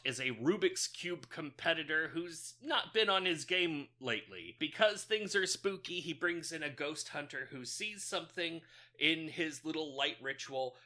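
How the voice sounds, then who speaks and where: A man co-hosts a podcast, running through a film's plot in a loose, rambling recap. His voice is very bright and sits a little high. He fills gaps with chuckles and fillers. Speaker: podcast co-host. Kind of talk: casual film recap.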